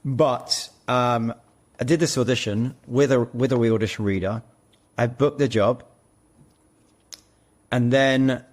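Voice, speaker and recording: A man speaking as a guest, co-founder of an audition platform, in a casual podcast conversation, explaining at length and telling earnest stories. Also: mid-range voice. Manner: earnest storyteller, talks in long run-on explanations.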